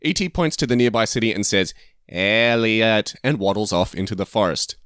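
A man's voice: fairly low pitch, expressive, fast, no echo, studio quality. A man co-hosting a podcast, casually narrating a made-up story with a playful, chuckling manner. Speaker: podcast co-host. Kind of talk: casual chat, pitching a story.

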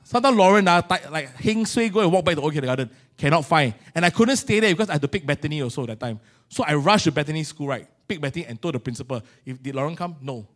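A middle-aged man with a Singaporean English accent preaching a sermon, telling a story with animated swings in loudness and Singlish particles. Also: on the high side, quick pace.

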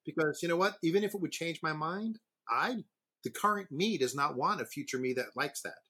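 A man's voice: on the high side, husky. A man co-hosting a podcast, casually chatting and telling long, rambling jokes. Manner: relaxed storyteller, drawn-out jokes. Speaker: podcast co-host. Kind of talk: casual chat, joke telling.

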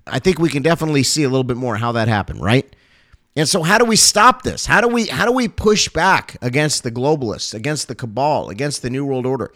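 A man who is a pastor, giving an impassioned on-air talk, urgent and emphatic, repeating phrases and surging into loud, high calls. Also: animated, fast, no echo, studio quality.

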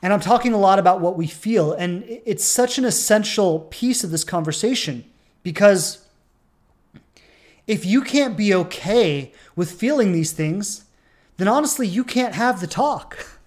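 An earnest relationship coach delivers a reflective podcast monologue, a little slowly, repeating phrases to drive each point home. Her voice sits at a middle pitch and now and then jumps into a sudden loud burst before settling back to a calm, steady tone.

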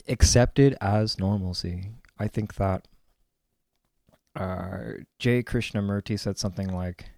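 Musing man with a gravelly low voice. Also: warm tone, no room sound, studio quality. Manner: meandering and musing, with many fillers and stretched-out words. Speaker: host reflecting on a card reading. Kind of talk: reflective spiritual monologue. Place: on his own land.

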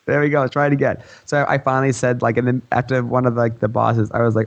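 A man's voice: medium pitch, level tone, fast, gravelly, highs cut off. Rambling, giggly male podcast co-host. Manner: rambling, filler-heavy, giggly storytelling. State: voice a bit worn. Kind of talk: casual chat.

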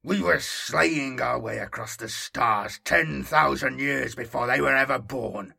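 A man plays a savage warrior who growls and barks, gravelly and harsh. His voice is forceful and bright, raspy at the edges. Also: medium pitch, measured pace, heavily acted. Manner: growling, shouting. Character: brutal, snarling male warrior.

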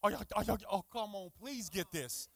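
A middle-aged man preaches with a strikingly high voice. He swings between shouted, rising passages and hushed, slowed asides, and he teases the congregation directly. The sound is close and dry, with no room echo. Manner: talks straight to the congregation with "y'all" and playful teasing. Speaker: pastor. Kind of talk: sermon.

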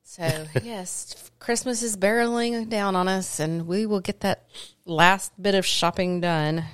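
A woman's voice: mid-range voice, a little slow, smooth, no room sound. A middle-aged woman, co-hosting a casual chat and telling stories with laughter. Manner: animated, laughing storyteller. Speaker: co-host.

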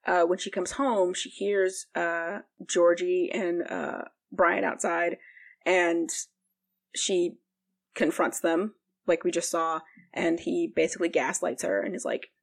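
Creaky low-voiced young woman rambling. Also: flat delivery, slow pace. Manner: rambling, heavy use of "like", frequent fillers. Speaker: podcast co-host. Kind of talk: casual book recap chat.

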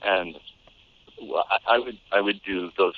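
Deep-voiced man on a tinny line. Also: measured pace, dry recording. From United States. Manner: animated storyteller, laughs often, frequent restarts. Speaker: voice actor guest. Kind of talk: casual interview chat.

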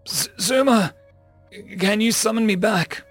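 A man voicing a wounded, exhausted young man who speaks haltingly, stammering and meandering in pain. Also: high voice, fairly bright tone, faint music behind, voice pushed up.

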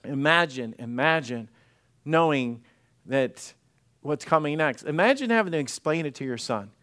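A man's voice: fairly high pitch, expressive, normal speed, fairly bright tone. A male pastor preaching an interactive sermon, acting out Bible scenes and putting questions to the congregation.

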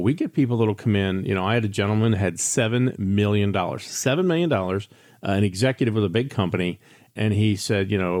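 A financial advisor who hosts a radio show, this older man speaks at a medium pitch with a darkish tone. He tells frank stories in a candid, chatty monologue with many restarts, recorded dry at studio quality.

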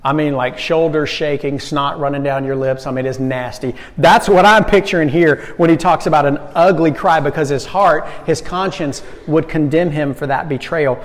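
A youth pastor preaching to a young crowd, animated, swinging between loud emphasis and hushed lines. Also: male voice, a little high, moderate pace, few pauses. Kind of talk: sermon. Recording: long reverb of a hall.

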